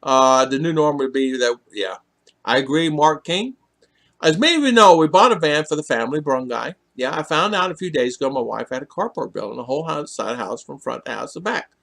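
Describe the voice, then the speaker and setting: A man's voice: on the high side, animated, fairly quick, vocal fry, fairly bright tone. Teasing man hosting a chatty live stream. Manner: teasing, chatty, laughs often. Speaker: live stream host reading chat. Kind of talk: casual live stream chat.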